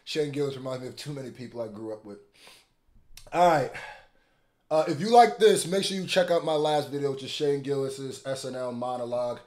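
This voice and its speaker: A man, a rapper hosting a reaction channel, giving casual, animated, hyped commentary. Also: medium pitch, fairly quick. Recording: echoey room.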